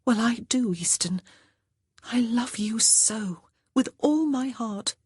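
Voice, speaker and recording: A woman's voice: on the high side, lively intonation, a little slow, darkish tone, breathy edge, no room sound, studio quality, pitched above the performer's own voice, full character voice. A woman doing a pleading young society lady. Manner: pleading, breathless, urgent. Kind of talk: audiobook character voice.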